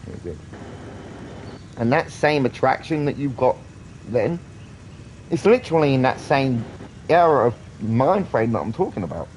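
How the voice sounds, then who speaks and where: A man's voice: medium pitch, very animated, moderate pace, pauses often, a little mellow, slight background noise, low-quality recording. A British man in his thirties rambling earnestly in a casual live-stream chat, swearing often. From Britain.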